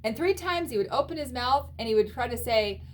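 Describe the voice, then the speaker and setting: A woman teaching a children's Bible lesson, telling the story in an animated, expressive way and asking the listeners questions. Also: on the high side, a little fast, slight background noise.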